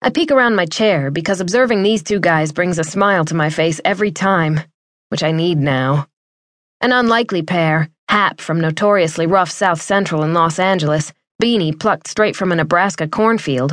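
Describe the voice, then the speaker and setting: A woman reads a first-person audiobook in a wry, measured manner. Her voice sits fairly low, and the recording is dry and close with no room sound. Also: a bit bright, no room sound. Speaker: audiobook narrator.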